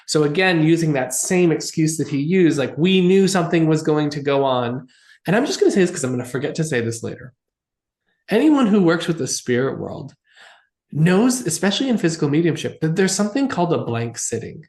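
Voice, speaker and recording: A man, an interview guest, recounting events in an animated storytelling manner and acting out the dialogue. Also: a little high, moderate pace. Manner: animated, acts out quoted dialogue. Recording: roomy echo.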